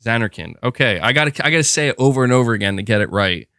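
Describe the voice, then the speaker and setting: Animated and rapid-fire, this male streamer chats casually with his audience while reading chat, rambling along with many fillers and false starts. His mid-range voice is bright, forceful and smooth, captured in clean studio sound with no room noise.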